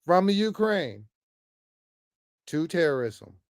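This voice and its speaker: A political vlogger rants off the cuff to camera in a slightly high, sing-song voice at a slow pace. He repeats himself emphatically, stammers often and tags phrases with "man," all in studio quality with no echo.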